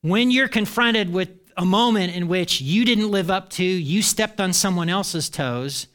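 Bright, high-voiced preaching man. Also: measured pace. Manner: animated preaching, acts out quoted voices. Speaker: pastor. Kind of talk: sermon.

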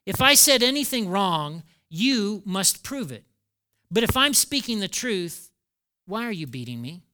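A man preaching a sermon, animated, acting out quoted lines with small laughs. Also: sits high, a little slow, clean tone. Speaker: pastor.

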